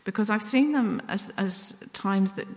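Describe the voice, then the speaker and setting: A woman's voice: mid-range voice, a little mellow. Woman preaching in a reverberant hall. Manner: earnest, self-deprecating, pauses and restarts. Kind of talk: sermon.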